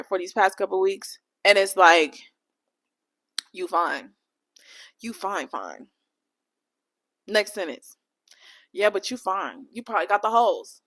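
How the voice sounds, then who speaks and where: A woman's voice: mid-range voice, a bit bright. Candid, profane young woman podcasting solo. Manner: candid, profane, playful rambling. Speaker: podcast host. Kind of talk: casual solo podcast chat.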